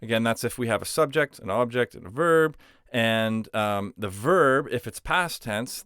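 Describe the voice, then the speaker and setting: A man's voice: fairly low pitch, fairly bright tone, clean tone, no room sound, clean studio sound. A man teaching a language lesson, explaining patiently with simple everyday comparisons. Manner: patient, uses simple analogies.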